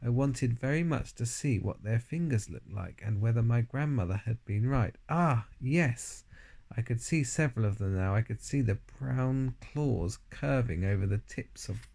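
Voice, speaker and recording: A man's voice: medium pitch, expressive, moderate pace, gravelly, hardly any pauses, mellow. A man reading a children's novel aloud in the first person, with dramatic emphasis. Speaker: audiobook reader.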